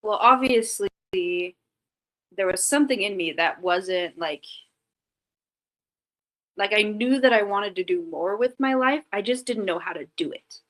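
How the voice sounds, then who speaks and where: A woman's voice: mid-range voice, unhurried, pauses often, fairly bright tone, rough recording. A woman guest telling a personal story in casual, candid talk, full of "like" fillers and restarts. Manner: candid and reflective. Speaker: podcast guest.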